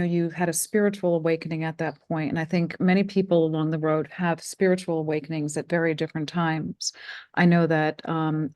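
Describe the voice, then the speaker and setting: A middle-aged woman from the United States hosting a spiritual interview, speaking gently with fillers and restarts. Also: on the low side. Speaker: interview host.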